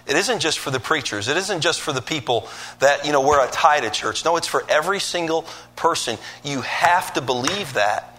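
Male pastor, sermon, bright forceful voice, slightly high, animated storytelling with acted-out asides. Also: moderate pace, slight background noise. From Michigan.

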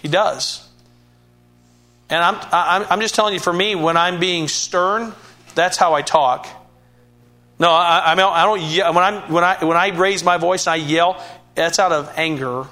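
Bright-voiced earnest male preacher. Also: high voice, measured pace. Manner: earnest, repeats words and restarts, rising to emphatic bursts. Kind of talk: sermon.

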